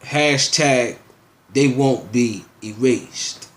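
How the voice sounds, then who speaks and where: A man with a mid-range voice draws out his words as he hosts his own show. He reads the news headlines and riffs on them casually, rambling in a loose, slangy way with frequent asides and filler phrases.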